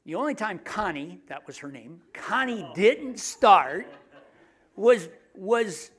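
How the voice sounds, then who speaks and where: A middle-aged man preaching a sermon in a conversational, joking way, often dropping his voice to hushed asides. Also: high voice, lively intonation, slow, husky. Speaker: pastor.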